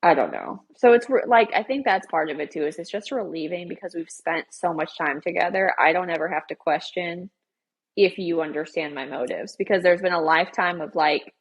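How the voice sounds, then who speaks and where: A young woman co-hosting a podcast, talking in a chatty, animated, over-explaining way. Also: on the low side, a little fast, breathy edge. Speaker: podcast co-host. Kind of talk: casual chat.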